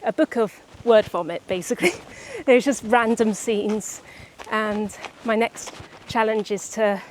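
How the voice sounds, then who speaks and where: A young woman writer chatting casually about her book outdoors by the seaside, a little out of breath and halting, with many restarts. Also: fairly high pitch, slight background noise. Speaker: writer vlogger.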